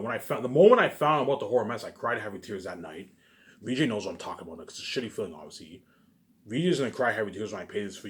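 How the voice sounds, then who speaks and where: A man giving a rambling, repetitive monologue to camera that turns into a heated rant, with frequent swearing. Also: fairly low pitch. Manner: swears often, keeps saying "obviously". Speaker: vlogger.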